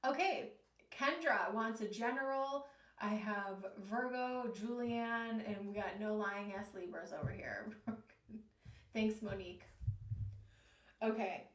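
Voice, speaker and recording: A woman giving tarot readings on a live stream, chatting with her viewers and reading their comments aloud. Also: fairly high pitch. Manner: talks straight to her viewers as a group. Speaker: tarot reader. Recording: roomy, distant mic, faint noise.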